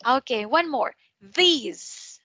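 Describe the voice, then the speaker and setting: A woman tutoring English online over a video call, patiently correcting pronunciation and drilling words with slow repetitions. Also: high-pitched, expressive, sharp tone, slightly rough, dry recording. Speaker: English teacher.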